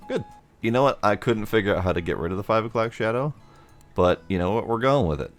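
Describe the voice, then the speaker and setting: A man with a deep voice gives casual, chatty commentary while playing a video game. His pitch moves in a lively way and he laughs often. Faint game music plays underneath. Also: moderate pace, long pauses. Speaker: game streamer.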